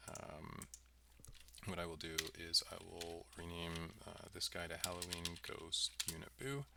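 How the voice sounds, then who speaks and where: A man with a deep, gravelly voice talks very slowly through a livestream coding walkthrough, filling pauses with ums and let's sees. He sits back from the mic, and loud keyboard typing and mouse clicks fill the background. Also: steady tone, distant mic, heavy background noise. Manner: thinks aloud with many ums and let's sees. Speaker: game developer.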